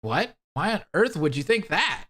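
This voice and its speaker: A man's voice: sits high, big pitch swings, normal speed, pushed and bright, voice pushed up, full character voice. Man narrating as a tired, kind older woman. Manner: plain first-person narration.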